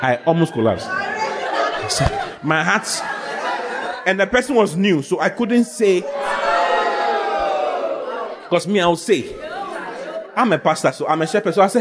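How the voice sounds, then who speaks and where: A male pastor preaching a humorous sermon, animated, joking and laughing as he talks. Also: high-pitched, unhurried, pauses often, a loud crowd, heavy background noise. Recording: live with congregation heard.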